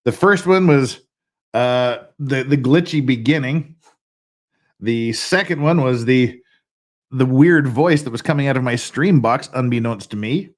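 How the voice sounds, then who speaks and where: A man's voice: mid-range voice, measured pace. A man hosting a casual livestream, chatting to his chat in a rambling, self-deprecating way with mild swearing and restarts. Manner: rambling with frequent restarts and laughs. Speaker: livestream host.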